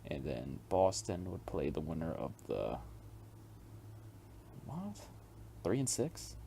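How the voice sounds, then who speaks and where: A man's voice: low voice, wildly swooping pitch, takes it slowly, vocal fry, warm tone, a little hiss or hum. A young man hosting a casual solo podcast, rambling and swearing freely with frequent chuckles. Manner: profane, rambling, chuckles often. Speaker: podcast host.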